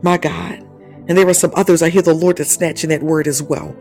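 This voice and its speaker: Prayer leader going hard in intercession, tongues mixed in, soft music under it. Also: mid-range voice, steady tone, fairly quick. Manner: prays in tongues between repeated invocations; delivers prophetic words to one listener. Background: faint music.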